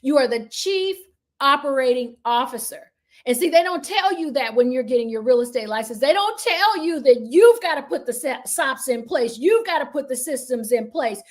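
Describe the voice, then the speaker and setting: A woman's voice: high-pitched, animated, moderate pace. A woman real estate trainer giving an online motivational training session, fervent and preacher-like, talking to her audience as y'all.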